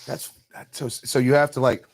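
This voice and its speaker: A man hosting a casual podcast, asking halting, curious questions and swearing now and then. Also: mid-range voice, level tone, vocal fry. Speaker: podcast host. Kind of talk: casual interview chat.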